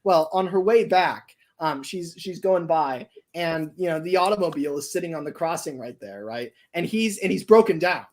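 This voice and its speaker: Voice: mid-range voice, animated, moderate pace, few pauses, darkish tone, a little hiss or hum. A livestreamer telling a story casually, rambling and restarting often. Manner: rambling, many fillers and restarts. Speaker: streamer.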